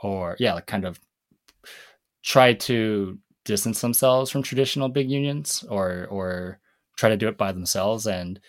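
A man's voice: lowish voice, a little slow. A man co-hosting a casual panel discussion, working through ideas in a thoughtful, hedging way. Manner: thoughtful, hedging, many fillers. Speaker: podcast co-host.

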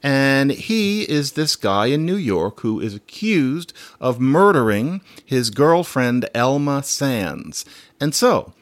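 A man's voice: mid-range voice, very animated, slow pace, no echo. A man hosting a solo podcast, talking in a chatty, digressive way and laughing now and then. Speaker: podcast host.

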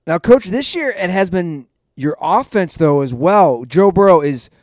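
Interviewer role, man, slightly high voice, dry close recording, deadpan questions. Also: a little slow, no room sound. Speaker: sports interviewer. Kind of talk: mock sports interview.

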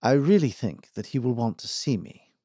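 A man's voice: medium pitch, lively intonation, normal speed, dark tone, husky, no echo, clean studio sound. A man voicing a polite, stubborn young male engineer who talks formally and with assurance. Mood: firm.

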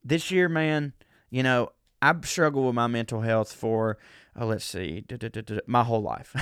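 A man's voice: mid-range voice, normal speed, a bit bright, clear, resonant tone, no echo, studio quality. A man from the South, hosting his podcast in a rambling, self-deprecating casual monologue and swearing freely. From American South. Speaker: podcast host.

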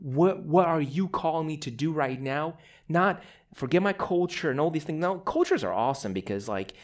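A man from Moldova preaching a sermon in a conversational way, with casual asides and repeated words. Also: fairly high pitch.

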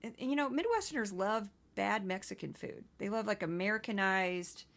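A woman from Missouri hosts a solo commentary podcast. Her voice is bright and forward, and her middle pitch sits in the usual range. She speaks in an indignant, conversational way and keeps breaking off into quick asides. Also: lively intonation, vocal fry. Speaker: podcast host.

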